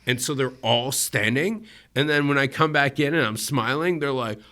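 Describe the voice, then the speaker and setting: A man's voice: mid-range voice, normal speed. A man from Egypt, a comedian guest, telling a story casually and acting out the voices of the people in it. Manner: animated, acts out quoted voices.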